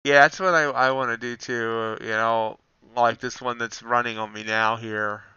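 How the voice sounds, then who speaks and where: A man's voice: mid-range voice, normal speed, clean tone, dry recording, dull audio. A man hosting a casual live stream, commenting on the futures market and answering chat as he goes. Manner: relaxed, thinks aloud, answers chat. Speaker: livestreaming futures trader.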